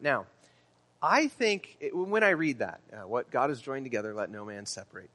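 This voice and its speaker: A man's voice: a little high, a bit bright. Preaching man in an echoing hall. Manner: earnest preaching with emphatic stresses and some ums. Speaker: pastor. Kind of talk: sermon. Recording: long hall reverb.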